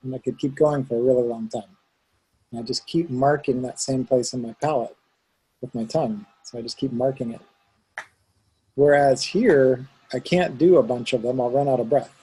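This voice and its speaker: A man's voice: medium pitch, normal speed, dark tone, husky, low-quality recording. A man teaching a student one-on-one, patiently explaining and demonstrating sounds aloud. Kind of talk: one-on-one pronunciation lesson.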